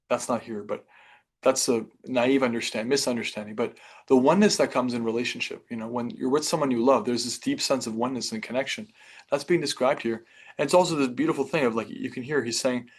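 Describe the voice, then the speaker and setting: A man leading a scripture class, reading passages aloud and explaining them in a reflective, conversational way, with restarts and softer asides. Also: mid-range voice, husky.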